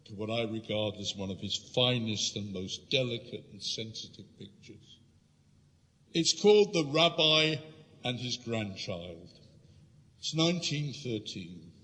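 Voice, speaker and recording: A man from London giving an illustrated history lecture, telling stories and speaking directly to his audience. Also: medium pitch. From London, England. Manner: lively storytelling, addressing the audience directly. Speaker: guest lecturer. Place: lecture room. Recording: reverberant lecture hall.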